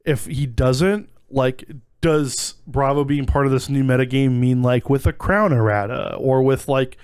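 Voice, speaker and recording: A man's voice: mid-range voice, measured pace, a little mellow, smooth, dry recording. Rambling man co-hosting a podcast. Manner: rambling, filler-heavy, laughing often. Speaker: podcast co-host. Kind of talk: casual podcast chat.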